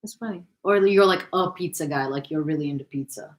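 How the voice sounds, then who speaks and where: A young woman co-hosting a stream, chatty and animated, telling funny stories and laughing easily. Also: deep voice, fairly quick. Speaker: co-host. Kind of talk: casual chat.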